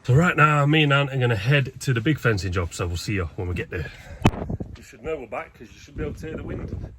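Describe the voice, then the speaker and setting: A man gives an easygoing, matter-of-fact running commentary while working outdoors, talking straight to his viewers. His voice sits at an ordinary middle pitch. The handheld recording carries clear wind noise blowing across the mic. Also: animated, fast talker. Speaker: fencing tradesman vlogger. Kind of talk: casual vlog commentary. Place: outdoors at work sites and a yard, windy.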